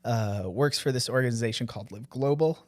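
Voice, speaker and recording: A man's voice: medium pitch, a little fast, no echo. An American man casually telling about a church mission trip, with many fillers and restarts. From United States. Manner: relaxed storytelling, many fillers. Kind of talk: casual conversation.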